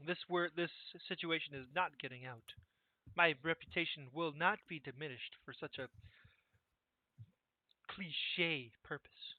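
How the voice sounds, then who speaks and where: A man playing a proud, gruff ship captain on a tinny call. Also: on the high side, a little slow, pauses often, no echo, natural voice. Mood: stern. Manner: stiff and formal, with rough folksy slips. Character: proud, gruff male ship captain who guards his reputation. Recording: tinny, dry voice-call audio.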